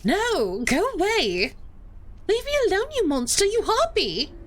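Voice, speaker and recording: A woman voicing a distraught young woman who shouts tearful accusations. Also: extremely high pitch, wildly swooping pitch, unhurried, pitched above the performer's own voice, full character voice.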